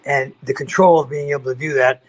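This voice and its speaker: A man's voice: mid-range voice, brisk, poor audio. A man in his sixties, a martial arts grandmaster, telling stories as an interview guest with lots of restarts and acted-out quotes. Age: 60s. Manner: animated storyteller, acts out quoted voices, many restarts. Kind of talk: casual storytelling interview.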